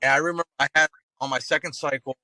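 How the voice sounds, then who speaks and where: Here the same kind of speaker, a Marine on active duty in his thirties, talks fast and a bit high, firing off profane, slang-heavy podcast stories peppered with "bro." He does the voices of the people in his stories. The audio is low quality but has no echo.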